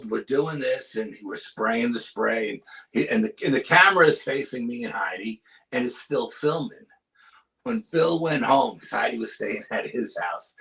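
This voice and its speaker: A man's voice: mid-range voice, vocal fry. A man with a New York accent, a paranormal investigator telling a spooky field story in a casual interview, acting out voices and dropping to a whisper. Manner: animated storyteller, acts out quotes with whispers. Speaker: paranormal and cryptid investigator, guest.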